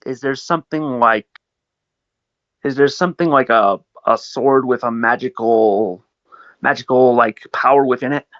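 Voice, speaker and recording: A man's voice: mid-range voice, measured pace, fairly bright tone, dry recording, highs cut off. A man playing a tabletop game online, talking hesitantly with lots of fillers and restarts. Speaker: player. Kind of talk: casual tabletop play.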